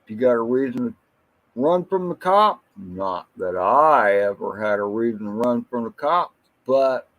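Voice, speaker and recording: A man's voice: mid-range voice, animated, highs cut off. A man hosting a casual livestream who reminisces in a rambling way and greets viewers from the chat by name. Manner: slow, rambling, reminiscing storyteller. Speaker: drone channel livestream host.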